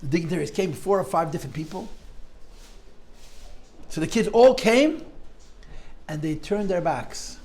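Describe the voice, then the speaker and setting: A man teaching a Torah class, telling a story with lively, dramatic emotion and acting out the quotes. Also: on the high side, measured pace, pauses often, low-quality recording. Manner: animated storyteller, acts out quotes with rising emotion.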